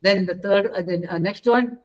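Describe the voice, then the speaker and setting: A man's voice: high voice, normal speed. A middle-aged man with an Indian English accent teaching pronunciation in an online class, patient and correcting students, with many hesitant fillers. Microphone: video call. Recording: dull lo-fi webinar audio.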